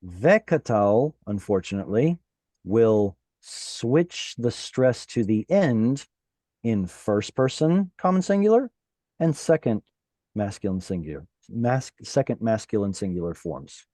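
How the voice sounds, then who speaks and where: A male Hebrew teacher leads students through a text in an online class. He talks slowly, his pitch lifts and drops a lot, and his questions come across as patient. His voice is mellow and sounds close and dry. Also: big pitch swings, no room sound.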